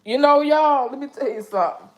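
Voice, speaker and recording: A woman hosting a live cooking stream from her home kitchen. She talks to her viewers in an emotional way and breaks into breathy exclamations. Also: sits high, brisk, a little mellow. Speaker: cooking channel host.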